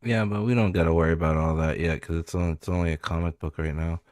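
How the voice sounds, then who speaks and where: A man's voice: low-pitched, fairly even intonation, quick pace, a little mellow, no room sound, clean studio sound. A man hosting a casual stream chat, crude, blunt and joking.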